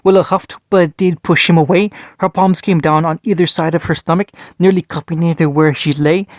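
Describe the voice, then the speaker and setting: A man's voice: on the high side, fairly even intonation, moderate pace, dry recording, studio quality. Man reading fan fiction aloud. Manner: plain reading with frequent restarts. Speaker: narrator.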